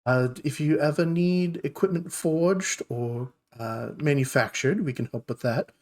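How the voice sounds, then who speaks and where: A chirpy young dwarf girl from a tabletop game, as a male game master puts her on, eager and bubbly. She rattles off her shop pitch in a high voice that leaps up and down. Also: darkish tone, natural voice. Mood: eager, friendly. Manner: bubbly, quick sales patter.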